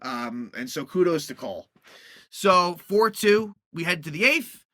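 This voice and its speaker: A man's voice: fairly high pitch, big pitch swings, measured pace, bright, forceful tone, dry recording, studio quality. A man hosting a sports podcast, recapping a baseball game in a casual, rambling way with many fillers and restarts.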